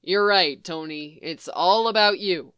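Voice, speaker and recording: A woman's voice: mid-range voice, lively intonation, normal speed, clear, resonant tone, dry recording, lightly acted. Bucky, a tender wry man, as a woman reader puts him on. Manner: soft, teasing, affectionate. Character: gentle, wry adult man, patient and tender.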